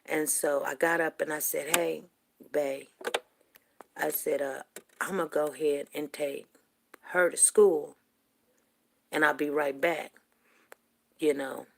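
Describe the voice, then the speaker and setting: Older woman, low and gravelly, rambling emotional storyteller. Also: steady tone, slow, long pauses, background noise. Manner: rambling, emotional retelling, rising to near shouting at tense moments. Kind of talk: casual personal storytelling.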